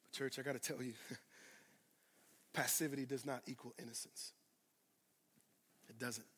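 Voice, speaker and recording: A man preaching a sermon, swinging from loud declarations to hushed asides and repeating phrases for emphasis. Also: medium pitch, flat delivery, unhurried, husky, in a large hall. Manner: addresses congregation directly, repeats phrases for emphasis. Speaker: pastor.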